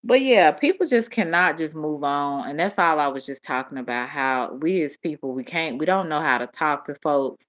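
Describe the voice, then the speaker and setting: A Tennessee-born woman with a Southern Dallas accent hosts a late-night livestream, reading comments in a drowsy drawl and laughing often. Her voice sits low and a bit bright, animated, at a moderate pace with hardly any pauses. The stream audio is dull and lo-fi.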